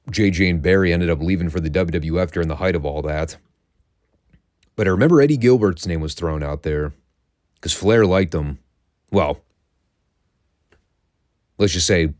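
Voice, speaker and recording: A man's voice: sits low, darkish tone, no room sound, clean studio sound. A middle-aged man hosting a recap podcast, telling stories in a sardonic, profane and amused way. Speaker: podcast host.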